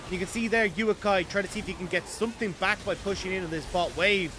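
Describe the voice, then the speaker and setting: A young Irish man commentates on a match in a chatty, analytical way, laughing often. His voice sits a little high and sounds sharp and forceful. A faint hum of noise runs underneath. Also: fast, few pauses. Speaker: esports color commentator.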